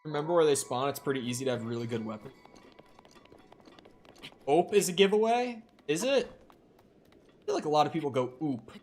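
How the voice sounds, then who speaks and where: A man's voice: a little high, animated, moderate pace, pauses often, darkish tone. Chatty man with a light Minnesotan accent. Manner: chatty, profane, reads chat aloud. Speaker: game streamer. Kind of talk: casual live-stream commentary.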